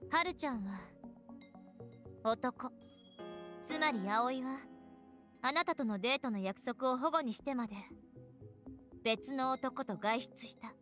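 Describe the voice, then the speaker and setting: A woman voicing a calm young schoolgirl in a visual novel, composed and coaxing. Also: sits high, normal speed, long pauses, over music, close to an everyday voice. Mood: pointed.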